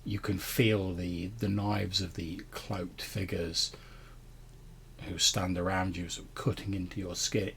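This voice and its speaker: A man's voice: sits low, creaky, fairly bright tone, a little hiss or hum. A man narrating a tabletop game as game master, descriptive, often repeating his words. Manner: stammering repetitions, descriptive.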